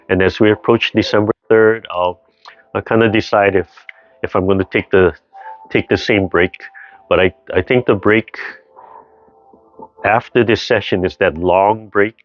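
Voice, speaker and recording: A man teaching a tai chi and qigong class over a video call, talking calmly and unhurriedly, repeating phrases and checking in with the class as he guides their breathing. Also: fairly low pitch, no echo. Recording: dull lo-fi video call audio.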